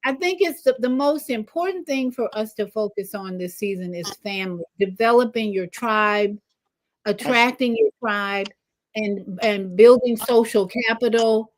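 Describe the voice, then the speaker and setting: A woman hosting a casual livestream talk show, animated, acting out greetings she gives strangers. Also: unhurried, no echo, rough recording. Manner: animated, acts out greetings in a lively higher voice.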